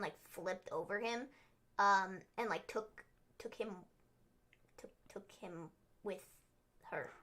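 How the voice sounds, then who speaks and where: A woman's voice: medium pitch, sharp tone. A young woman co-hosting a casual livestream recap, talking chattily with lots of fillers and acting out quotes in silly voices. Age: young adult. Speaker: wrestling show co-host.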